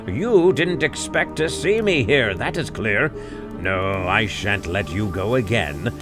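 A man voicing a frightful one-eyed giantess who is weary, overworked and bossy, speaking slowly and emphatically in a storybook reading. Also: on the low side, lively intonation, music in the background. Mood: grumbling, menacing.

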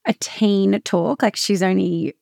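A woman's voice: medium pitch, fairly even intonation, slow pace, creaky, a little mellow, dry recording, studio quality. A woman co-hosting a parenting podcast in a casual, chatty way with lots of fillers. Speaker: podcast co-host; mother of school-age kids. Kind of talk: casual chat.

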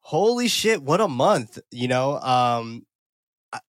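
A man hosts a horror movie podcast in a loose, energetic chat, swearing and laughing freely. His voice sits at a middling pitch. The recording is dry and close. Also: slow pace, no room sound. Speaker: podcast host.

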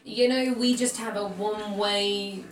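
A woman's voice: mid-range voice, fairly even intonation, measured pace. A woman co-hosting a casual wine chat, talkative and self-deprecating. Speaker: podcast co-host. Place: members club room. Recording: echoey room, mic at a distance.

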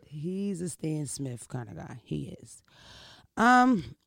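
A woman hosting a casual chat, telling stories in an animated, laughing and profane way. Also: low voice, slow pace, creaky, no echo, studio quality. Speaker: podcast host.

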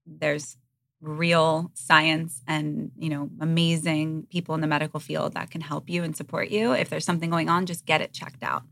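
A woman's voice: sits low, little pitch movement, normal speed, creaky, fairly bright tone, no room sound, clean studio sound. A woman in her thirties, a podcast guest, speaking frankly and earnestly in a candid interview.

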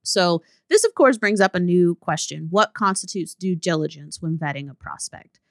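A woman's voice: fairly low pitch, lively intonation, moderate pace, dry recording, clean studio sound. A woman business coach hosting her own solo podcast, talking bluntly and candidly with laughing asides.

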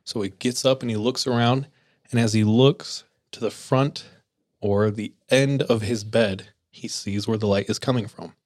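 A man hosting a podcast, telling ghost stories in a relaxed way with lots of filler words. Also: on the low side, normal speed, no room sound, studio quality. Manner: relaxed, filler-heavy, laughs easily. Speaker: podcast host. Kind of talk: casual spooky storytelling.

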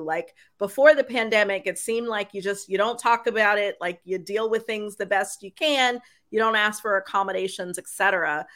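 A woman's voice: mid-range voice, sharp tone. A woman hosting a podcast roundtable, guiding the discussion with organized questions. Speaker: podcast host. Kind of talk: moderating a roundtable.

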